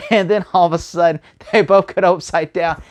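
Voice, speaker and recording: A man giving a casual spoken movie review, rambling and animated, full of fillers and restarts. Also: high voice, moderate pace.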